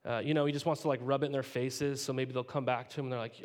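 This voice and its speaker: A male pastor teaching a sermon in a casual, animated way, tossing rhetorical questions to the congregation and adding playful asides. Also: mid-range voice, fast talker, hardly any pauses. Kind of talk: conversational sermon.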